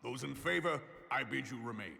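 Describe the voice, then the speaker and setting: An actor playing a formal council chairman who calls a vote in measured tones in a game. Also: medium pitch, expressive, creaky, a crowd in the background.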